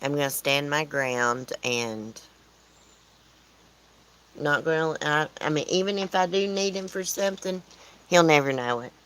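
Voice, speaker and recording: A woman with a Southern US accent, her voice sitting deep and low, chats loosely with her livestream viewers. She rambles from topic to topic and answers their comments as she goes, talking from outdoors at home. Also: steady tone, unhurried, long pauses, fairly bright tone, clean tone, rough recording. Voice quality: chatty, rambling, answers chat comments aloud. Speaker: livestream host. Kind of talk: casual livestream chat with viewers.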